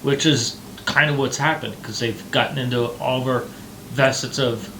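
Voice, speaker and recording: A man with a medium-pitched, steady voice and a moderate pace co-hosts a casual talk show, with background noise audible. He rants heatedly, swears often, and slips into mocking put-on voices.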